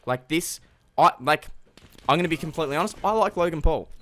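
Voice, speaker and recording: A man's voice: fairly high pitch, lively intonation, a little fast, fairly bright tone. A man giving a blunt, heated rant on his vlog, full of casual filler words. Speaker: YouTube commentator.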